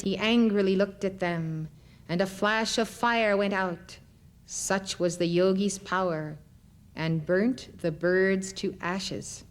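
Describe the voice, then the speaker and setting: Woman reading spiritual stories aloud. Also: mid-range voice. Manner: measured, deliberate. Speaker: lecturer.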